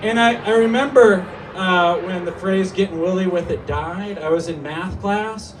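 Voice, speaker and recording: High-voiced man doing stand-up. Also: moderate pace. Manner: animated, mock-serious storytelling with put-on voices. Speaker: stand-up comedian. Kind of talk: stand-up comedy set. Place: small cafe stage. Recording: distant mic with noisy room. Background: audience laughter.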